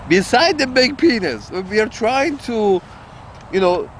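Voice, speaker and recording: A man's voice: extremely high pitch, bright, forceful tone, a little hiss or hum. A man giving a rambling political monologue to his audience, blunt and crude, repeating himself and laughing at his own jokes. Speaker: online commentator.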